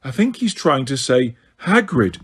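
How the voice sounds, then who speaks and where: A man's voice: medium pitch, big pitch swings, a little slow, fairly bright tone, breathy edge, full character voice. A man voicing a frightened, clever teenage girl in an audiobook, pleading in a breathless, anxious way.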